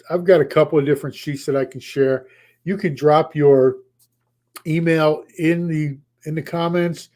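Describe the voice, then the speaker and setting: A man's voice: a little high, warm tone. A man running a motivational real estate sales coaching session, emphatic and repeating his key points, his voice getting tired. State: voice tiring.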